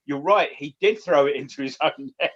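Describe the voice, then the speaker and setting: A man's voice: fairly high pitch, a little fast, breathy edge. A man telling anecdotes as a guest on a casual football chat, with stammered restarts. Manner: stammering restarts, chuckling storyteller. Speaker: panel guest. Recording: slightly dull remote call audio.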